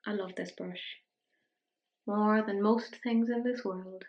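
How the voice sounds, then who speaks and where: A woman's voice: medium pitch, fairly even intonation, slow, highs cut off. A young Irish woman chatting casually through a makeup tutorial, with a self-mocking, rambling manner. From Ireland. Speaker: beauty vlogger. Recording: echoey room.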